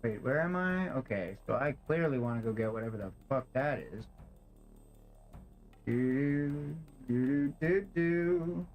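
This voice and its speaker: Speaking slowly with lively intonation, a man with a medium-pitched, slightly mellow voice comments on his gameplay in a rough recording. Sweltering in a hot apartment, he curses heavily and rants in frustration while faint game music plays.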